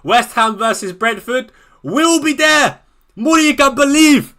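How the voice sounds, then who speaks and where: A man's voice: very high voice, animated, a little slow, bright, forceful tone. A man streaming live to his viewers, anxious and swearing, repeating himself as he talks things over with chat. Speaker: fantasy football streamer.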